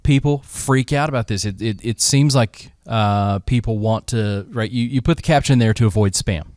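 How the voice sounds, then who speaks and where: A man's voice: lowish voice, moderate pace, darkish tone, dry recording, studio quality. A male co-host in casual business talk, asking questions with a wry tone.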